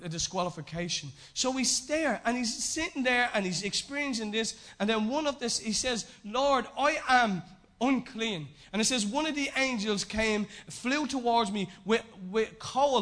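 A man preaching a sermon in a conversational way, swinging between raised, emphatic lines and hushed, low repetitions. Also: expressive, normal speed, hardly any pauses.

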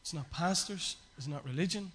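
A man's voice: a little high, moderate pace, a bit bright, slight background noise. A man, a pastor, preaching a sermon with emphatic repetition and frequent fillers.

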